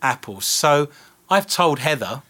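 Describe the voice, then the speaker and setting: British guy, podcast host, animated, self-mocking, slightly high voice. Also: measured pace. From Britain. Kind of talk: casual radio chat.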